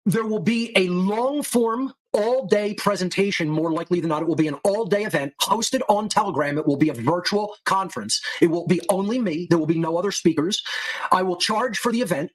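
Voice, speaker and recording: A husky, slightly high-voiced man in the middle of a furious solo rant. He hammers the same insults again and again in a scornful, lecturing tone, like a host berating his own audience. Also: a little fast, poor audio. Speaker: occult lecturer and show host. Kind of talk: angry monologue rant.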